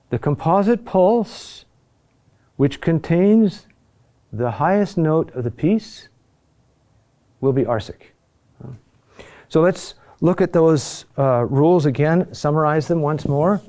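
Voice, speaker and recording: At a board, a chant teacher with a mellow, somewhat high voice gives a classroom lecture. He explains patiently in halting, repetitive phrases full of pauses and restarts, often checking in with a questioning "huh?".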